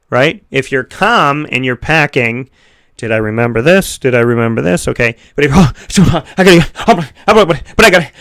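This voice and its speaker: A man's voice: medium pitch, fairly bright tone, clean tone. An American man hosting a talk show segment, giving an earnest, reflective motivational talk full of rhetorical questions. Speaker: radio show host.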